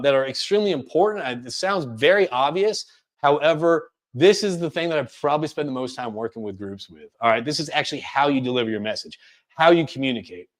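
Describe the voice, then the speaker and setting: Male career coach running a webinar; quick, energetic, self-correcting delivery. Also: medium pitch. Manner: fast, energetic delivery with many restarts. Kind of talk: webinar talk.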